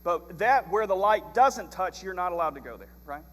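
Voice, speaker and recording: A man preaching a sermon as pastor, telling stories in a lively, animated way. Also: high-pitched, moderate pace, in a large hall, slight background noise. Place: church sanctuary.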